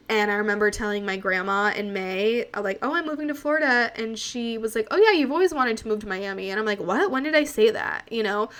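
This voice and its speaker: A woman's voice: medium pitch, a bit bright. A woman in her late twenties hosting a podcast, telling a personal story in a candid, chatty way and often talking straight to her listeners. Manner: candid and chatty, addresses listeners as "you guys". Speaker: podcast host.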